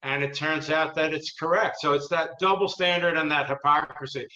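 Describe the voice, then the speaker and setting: A man co-hosting a talk show, making measured, lawyerly points. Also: on the high side, fairly even intonation, sharp tone. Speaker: co-host. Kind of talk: casual panel talk. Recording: echoey, dull-sounding room.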